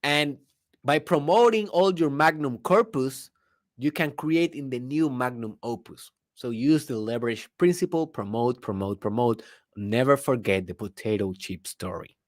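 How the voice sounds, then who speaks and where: A man's voice: mid-range voice, normal speed, no echo, studio quality. A young man whose first language is Spanish, telling a story in a casual motivational monologue with loose grammar. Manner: animated storytelling with laughter and non-native grammar. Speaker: podcast host.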